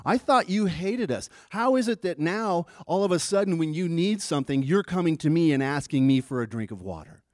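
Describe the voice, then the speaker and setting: A man's voice: on the high side, animated, a little fast, few pauses, no echo, studio quality, pitched above the performer's own voice, lightly acted. A man voicing an indignant Samaritan woman who fires sarcastic, challenging questions.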